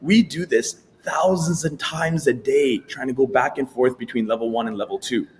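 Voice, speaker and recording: A man guesting as a coach explains a mental technique step by step. He speaks in a middle pitch and delivers his points in an animated way, slipping into little acted-out voices for his examples. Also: normal speed, slight background noise.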